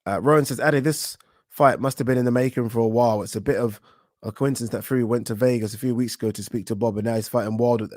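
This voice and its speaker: Male streamer, casual live chat, frank and animated, mid pitch, dry close sound. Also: quick pace, no echo. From England. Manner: animated and frank, swears, reads viewer comments aloud. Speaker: boxing channel host.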